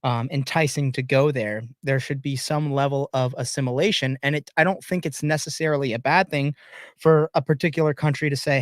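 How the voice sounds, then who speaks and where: A man's voice: mid-range voice, steady tone, fast talker, dry recording, clean studio sound. A man co-hosting a podcast, rambling in casual chat with a lot of fillers and hesitations. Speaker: podcast co-host.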